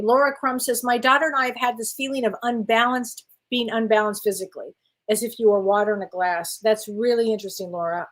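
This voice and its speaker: A woman's voice: mid-range voice, poor audio. A middle-aged woman hosting a casual livestream as a spiritual medium, chatty and effusive, reading viewers' comments aloud and answering them.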